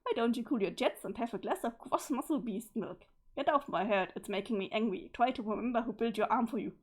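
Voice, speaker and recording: A woman's voice: on the high side, fairly quick, natural voice. A woman voicing a scheming, sarcastic young female troll in a smug, teasing manner.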